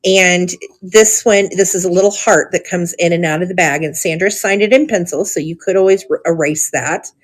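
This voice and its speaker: A woman's voice: lowish voice, moderate pace, few pauses. A woman hosting a live online auction stream, chatty and gushing, with frequent ums as she shows items. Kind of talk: live sale stream chat.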